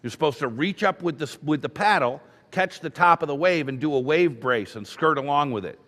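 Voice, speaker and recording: A man's voice: fairly high pitch, lively intonation, a little fast, fairly bright tone, in a large hall. A man teaching emergency medicine at a conference, talking in a loose, conversational way and telling stories with acted quotes. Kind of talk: conference lecture.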